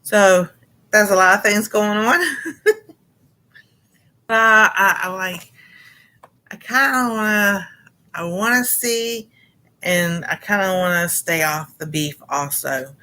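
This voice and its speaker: A woman's voice: mid-range voice, takes it slowly, pauses often, sharp tone. A middle-aged woman chatting casually and rambling to viewers on a cooking livestream, greeting them and laughing often. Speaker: cooking channel host.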